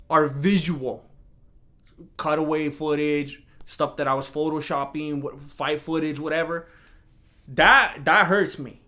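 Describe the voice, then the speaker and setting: Rambling, animated man hosting a podcast. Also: takes it slowly, long pauses. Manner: rambling, animated, mocks imagined critics in a higher voice. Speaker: podcast host. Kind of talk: casual solo podcast chat.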